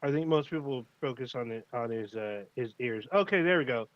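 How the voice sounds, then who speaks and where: A man's voice: mid-range voice, animated, a little fast, lo-fi sound. A man co-hosting a casual livestream chat, talking in a laid-back, rambling way with plenty of swearing and fillers. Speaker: podcast co-host.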